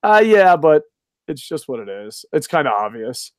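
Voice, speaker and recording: A man's voice: on the high side, very animated, normal speed, no echo, studio quality. A man co-hosting a casual wrestling chat, sarcastic and swearing freely, laughing at his own jokes. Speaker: podcast co-host.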